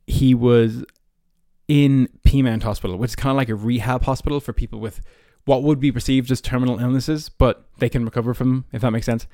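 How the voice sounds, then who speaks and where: An Irish man in his early twenties hosts his podcast, telling personal stories casually and loosely, with frequent fillers. His voice sits in a middle pitch. The sound is dry with no room echo. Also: fairly even intonation, a little fast, mellow. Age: early 20s. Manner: chatty, many fillers like "like" and "you know". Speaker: podcast host.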